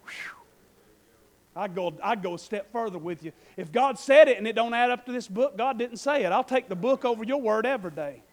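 A male preacher giving a fervent, folksy sermon, repeating phrases and rising into shouts. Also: high voice, animated, fairly quick. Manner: fervent, repetitive, breaks into shouting; folksy, conversational asides.

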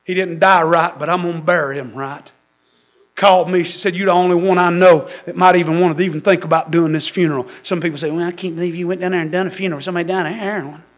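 A man preaching a fiery sermon, with shouted peaks and laughter. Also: high-pitched, fairly even intonation, quick pace, muffled recording.

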